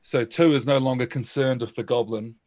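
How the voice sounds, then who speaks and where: A man playing a tabletop game in a casual, hesitant way, trailing off quietly. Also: medium pitch, steady tone, a little fast. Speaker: player.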